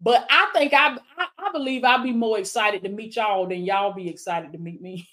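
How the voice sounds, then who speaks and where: A woman life coach on a live stream repeats affirmations fervently, calling viewers "baby" and answering them by name in a preacher-like call-and-response. Her voice is mid-range and sharp in tone, at a normal speed.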